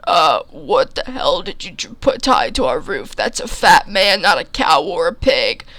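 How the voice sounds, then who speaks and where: A man's voice: high voice, very animated, measured pace, bright, forceful tone, dry recording, full character voice. A man voicing an exasperated farmer's wife who speaks bluntly.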